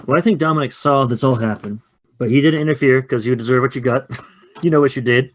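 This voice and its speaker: A man casually running a two-player tabletop game, chatty and quick to laugh. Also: mid-range voice. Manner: chatty, laughs often, loose. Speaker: game facilitator. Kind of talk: casual actual-play chat.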